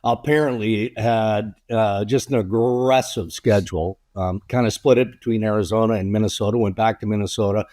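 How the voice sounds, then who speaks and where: A man's voice: on the low side, fairly even intonation, a little mellow. Man hosting a hockey podcast. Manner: brisk segment-leading host. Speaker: podcast co-host. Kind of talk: casual sports chat.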